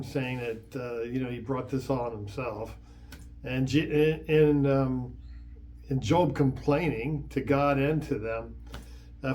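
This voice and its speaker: A man's voice: mid-range voice, a little mellow, a little hiss or hum. A man, a Catholic priest, giving an informal homily in a conversational way, repeating words and chuckling as he goes.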